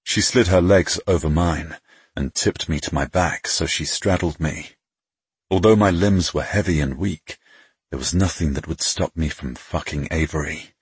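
A man narrating a first-person audiobook, reading in an intimate, unhurried way. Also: extremely low pitch, breathy edge, no echo.

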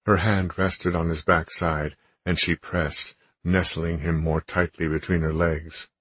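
A man narrating a romance audiobook in a steady, measured reading. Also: sits low, husky, no echo. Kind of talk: scripted narration.

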